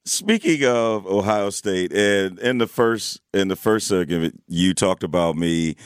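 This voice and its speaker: A man's voice: deep voice, lively intonation, unhurried, smooth, dry recording. A man hosting a radio show in casual banter, laid-back and often laughing, recorded on a studio microphone.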